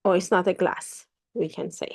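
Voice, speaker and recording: A woman's voice: fairly low pitch, steady tone, moderate pace, slightly rough. A woman teaching grammar, patiently repeating example sentences and switching between two languages.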